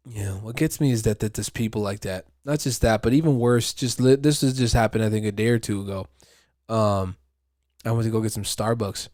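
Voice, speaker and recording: A man's voice: fairly low pitch, brisk, a little mellow, dry recording, studio quality. A man hosting a podcast, telling stories in a casual, profane, rambling monologue with frequent laughter. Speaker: podcast host.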